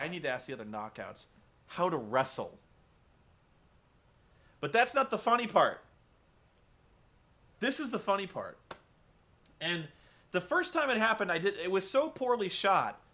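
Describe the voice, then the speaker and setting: Lively dude ranting about wrestling, bright voice, laughs a lot in his tone. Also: high-pitched. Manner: animated, joking, swears freely. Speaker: podcast host recapping wrestling. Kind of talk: casual chat.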